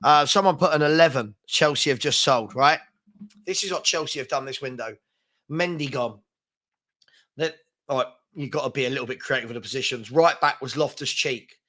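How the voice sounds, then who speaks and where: A man's voice: mid-range voice, a little fast, pushed and bright. A man hosting a casual live-stream chat, frustrated and rambling, reading out viewer comments as he talks. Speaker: host.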